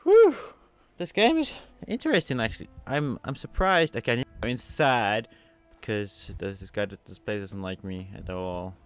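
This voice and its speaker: A man narrating his play of a video game, excitable and chatty with viewers, swinging between loud outbursts and soft muttering. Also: fairly low pitch, unhurried, clear, resonant tone, dry recording, faint music behind. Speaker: gamer. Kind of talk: let's play commentary.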